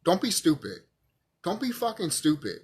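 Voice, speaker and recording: A man talking to camera while drunk, his husky voice riding high and swinging up and down as he makes his points. He stutters a little, swears freely and repeats lines for emphasis. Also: huge pitch swings, normal speed. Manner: profane, emphatic, repeats himself. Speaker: vlogger. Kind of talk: rambling monologue to camera.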